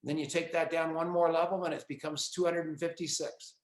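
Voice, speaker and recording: A man's voice: fairly high pitch, fairly even intonation, brisk, roomy sound. A middle-aged man giving a fervent, rambling motivational pep talk over a video call and calling out names as he goes. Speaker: network marketing leader.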